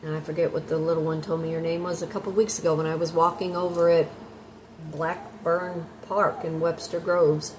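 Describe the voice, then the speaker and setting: A woman with a somewhat low voice chats her way through a meandering story, one tangent leading to the next. Clear noise hangs under the recording the whole time. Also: level tone, moderate pace. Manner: rambling, chatty storyteller. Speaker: content creator. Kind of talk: casual storytelling vlog. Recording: noisy background hiss.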